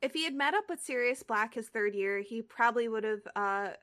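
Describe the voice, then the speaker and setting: A woman's voice: fairly high pitch, brisk, a bit bright. A young woman reading a story aloud on a casual podcast, stumbling and restarting now and then. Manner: reads aloud with slips and restarts, breaks off into chat full of "like". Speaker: podcast co-host reading fan fiction aloud.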